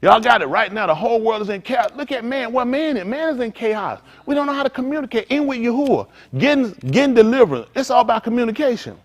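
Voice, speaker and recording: Lively high-voiced preaching man. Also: quick pace, few pauses. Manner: animated, conversational, acts out dialogues. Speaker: pastor. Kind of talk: informal preaching to a congregation.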